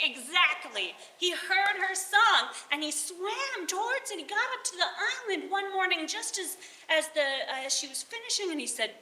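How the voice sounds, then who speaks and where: Lively woman telling a folk tale. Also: very high-pitched, moderate pace. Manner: animated, chuckling between lines. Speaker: storyteller. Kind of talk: live oral storytelling. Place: bardic gathering hall. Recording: roomy live venue.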